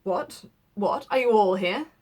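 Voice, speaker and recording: A woman voicing a stiff Victorian gentleman lawyer who speaks in a peevish, disapproving way. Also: medium pitch, expressive, a little slow.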